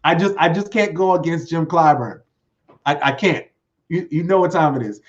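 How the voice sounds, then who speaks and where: High-voiced man rambling excitedly. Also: normal speed, muffled recording. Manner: rambling and excited, many fillers and restarts. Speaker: host. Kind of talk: solo livestream talk show. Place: home desk setup with green screen.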